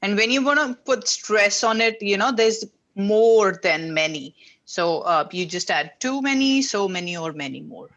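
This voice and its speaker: A woman's voice: mid-range voice, animated, moderate pace, fairly bright tone, dull audio. Patient woman teaching an online class. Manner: patient, explaining step by step with frequent fillers. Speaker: English teacher. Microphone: video call.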